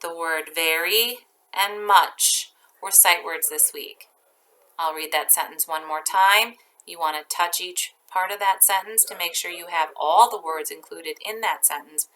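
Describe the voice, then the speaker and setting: A woman teacher reads out spelling words and sentences at a very slow, deliberate pace, drawing out each part so children can write along. Her tone is bright and her pitch sits a little low. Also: poor audio. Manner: slow, deliberate dictation, stretching each word. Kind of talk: dictating a spelling test.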